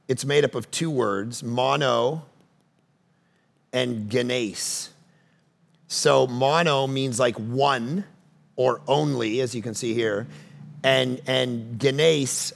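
A man preaching a sermon as pastor, swinging from loud urgent appeals to quiet teaching. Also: mid-range voice, creaky. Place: church stage.

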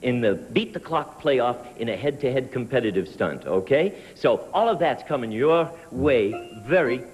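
Lively 1970s game show host man. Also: mid-range voice. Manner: brisk, jokey, giving instructions to contestants. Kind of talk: upbeat game show hosting. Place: TV studio stage. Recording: 1970s TV studio with long reverb and music.

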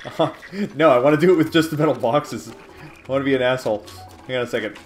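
Man, casual let's-play commentary, excitable, swears at enemies, faint background music. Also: mid-range voice, a little fast, pauses often. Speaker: gaming channel host.

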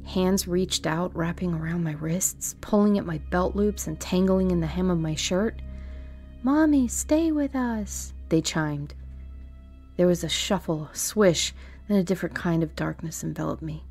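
A woman's voice: fairly low pitch, steady tone, moderate pace, vocal fry, darkish tone, faint music behind. A woman narrating a tense horror story in the first person. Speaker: story reader. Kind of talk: scripted narration.

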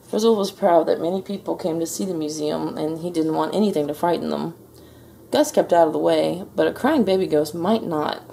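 A woman reads a children's storybook aloud in a low, dark, gravelly voice. Her pace is slow and expressive, with a faint hiss behind her. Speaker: storybook reader. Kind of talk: reading a children's book aloud.

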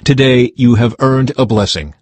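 A man's voice: medium pitch, moderate pace, breathy edge, no echo, close to an everyday voice. A man reading as pleading Moses. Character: Moses, pleading older male leader.

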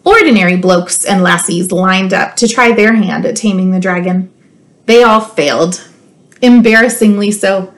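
A woman school librarian reading a children's storybook aloud, expressive and playful, with teasing asides to her listeners. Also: medium pitch, normal speed.

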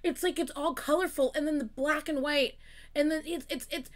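A woman hosting a reaction video, gushing, exclaiming and swearing as she watches, excited and close to tears. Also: sits high, moderate pace. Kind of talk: casual reaction commentary.

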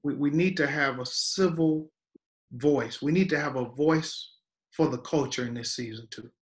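Guest pastor, man, fairly high voice, preacher's emphatic cadence. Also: moderate pace. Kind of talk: preaching-style teaching conversation.

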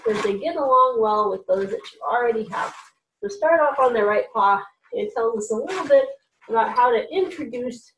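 A woman hosting a children's reading program, reading picture books aloud in a gentle, animated way and giving the characters voices. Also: on the high side, vocal fry, highs cut off. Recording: echoey room, a little far from mic.

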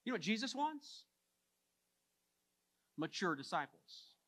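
High-pitched preaching pastor, bright tone. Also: male voice, big pitch swings, a little slow. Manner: preaching with swings from hushed to emphatic; repeats phrases for emphasis. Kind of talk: sermon.

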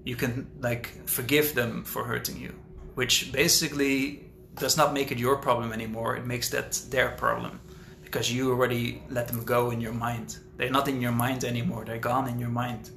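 Talkative man host, casual livestream chat, bright voice, roomy echo with faint ambience. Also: medium pitch, level tone, moderate pace, creaky, a little hiss or hum. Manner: rambling, talkative, thinks out loud. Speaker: author hosting a live Q&A.

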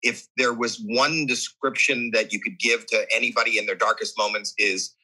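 A man's voice: on the low side, normal speed, slightly rough, rough recording. A man guest on a podcast interview, telling a personal story with candid, earnest animation. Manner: animated, acts out his own and others' voices.

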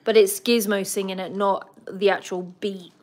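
A woman's voice: mid-range voice, level tone, moderate pace. A young woman hosting a casual livestream about her pet bird, chatting and giggling as she talks to the bird and the viewers. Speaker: pet bird channel host.

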